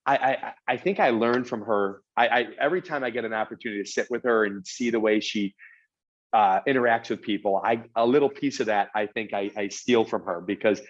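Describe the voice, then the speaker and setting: A man's voice: lowish voice, lo-fi sound. Earnest man with stammering restarts. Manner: earnest, repeats words when starting sentences. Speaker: podcast guest, real estate executive. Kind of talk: casual interview chat.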